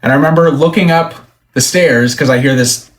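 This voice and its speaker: A man's voice: fairly high pitch, fairly quick. A man being interviewed as a country musician, telling stories casually and acting out the quoted lines. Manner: animated storyteller, acts out quoted lines.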